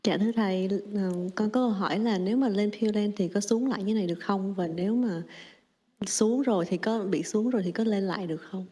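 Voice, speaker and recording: A woman asking her teacher a question in a quick, playful way. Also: mid-range voice, warm tone.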